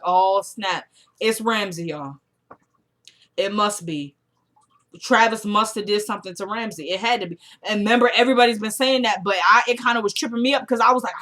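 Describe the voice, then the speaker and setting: A young woman casually recapping a TV episode, retelling the scenes by quoting the characters and getting loud and excited at the twists. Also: mid-range voice. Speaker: TV recap vlogger.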